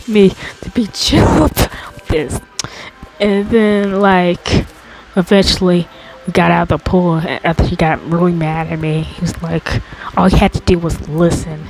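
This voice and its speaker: In a laid-back storytime, an American host recounts her childhood, repeatedly restarting and padding her speech with fillers. Her exasperation shows as her voice goes up high during complaints. The recording is low-quality, and her tone is slightly mellow.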